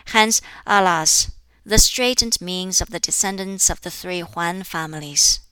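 A woman reading an audiobook of a classic text aloud in a measured, deliberate way, keeping the dialogue close to her own voice. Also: lowish voice, sharp tone, clean tone, no echo. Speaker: audiobook reader. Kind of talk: scripted narration of a classic text.

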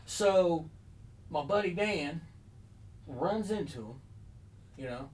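A man's voice: fairly high pitch, expressive, slow, rough recording. A man chatting casually on a podcast, telling a long story with lots of fillers and asides. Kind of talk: casual chat.

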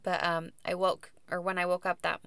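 Gravelly-voiced woman telling a story. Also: lowish voice, flat delivery, normal speed, fairly bright tone, dry recording. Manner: chatty, laughs often, many fillers. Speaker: podcast guest sharing her birth story. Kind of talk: casual storytelling.

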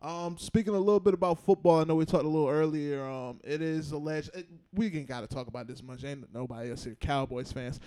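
A man co-hosting a podcast, talking in relaxed slangy banter with friends. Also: fairly high pitch, fast talker, hardly any pauses, smooth. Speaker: podcast co-host. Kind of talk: casual chat.

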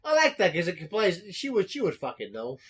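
A man's voice: sits high, wildly swooping pitch, a little fast, slightly rough. A young man in casual chat, telling a story with swearing and bursts of laughter.

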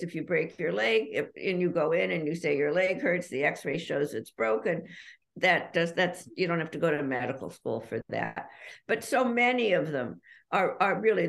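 A woman author talking candidly as a podcast guest, self-deprecating and quick to laugh. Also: lowish voice, creaky. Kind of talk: casual podcast interview.

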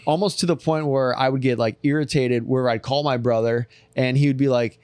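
A man's voice: medium pitch, steady tone, a little fast, hardly any pauses, darkish tone, clear, resonant tone, no echo. A man hosting a podcast who chats casually and rambles with lots of filler words and some swearing.

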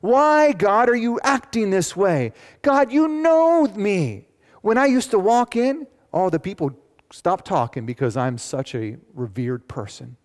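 A male pastor voicing the biblical Job as a frustrated, pleading man who cries out to God in a high, strained voice. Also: expressive, a little slow, darkish tone. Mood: exasperated pleading. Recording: long church reverb.

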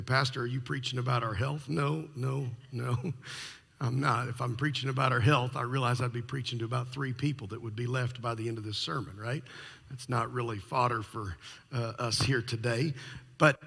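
A man's voice: mid-range voice, moderate pace, gravelly, pushed and bright, slightly rough. A male pastor giving a sermon, telling a story with jokes and asides. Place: large church sanctuary. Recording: long reverb of a large hall.

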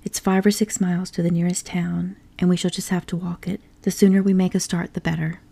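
Woman doing a firm, no-nonsense male water rat from a storybook, hushed whispered role-play, dark and husky. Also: lowish voice, little pitch movement, a little fast. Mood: grim. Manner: firm, stern, exasperated. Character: stern, practical male water rat, adult.

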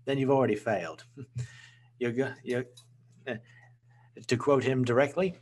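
A man's voice: mid-range voice, steady tone, measured pace, pauses often, darkish tone. A man, a guest talking in a rambling way with lots of restarts. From Australia. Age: 20s. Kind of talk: casual podcast interview.

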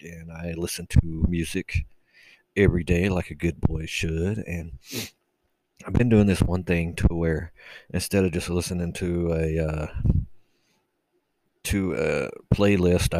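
A man's voice: deep voice, darkish tone, dry recording, poor audio. A man hosting his own solo podcast, rambling casually and swearing, mocking himself as he goes. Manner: rambling, profane, self-mocking. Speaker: podcast host.

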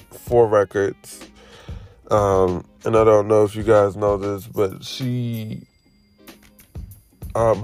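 A man hosting a casual podcast monologue, animated and preachy, firing off rhetorical questions in slangy talk and drifting into tangents. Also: fairly low pitch. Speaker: podcast host.

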